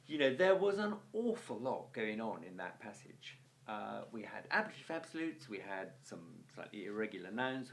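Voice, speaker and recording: A man teaching a Latin lesson, reading phrases aloud and translating them bit by bit with chatty, lightly humorous asides. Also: medium pitch. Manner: chatty asides with gentle humour. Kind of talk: recorded language lesson, translating line by line.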